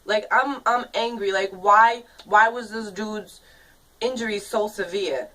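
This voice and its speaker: A woman's voice: medium pitch, steady tone, unhurried, fairly bright tone, recorded from a distance, rough recording. A woman of thirty ranting in a casual vlog, angry, profane and rambling, full of "you know what I mean" fillers. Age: 30s.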